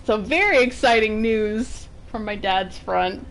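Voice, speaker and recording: A woman's voice: medium pitch, measured pace, a bit bright. A woman from Massachusetts giving casual, rambling commentary while streaming a game. She laughs often.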